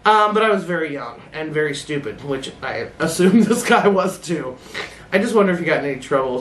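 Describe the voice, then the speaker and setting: Brisk and expressive with a low-sitting voice, this middle-aged reaction-video host comments bluntly, laughing and cursing without restraint. The room is large and echoey, with slight background noise.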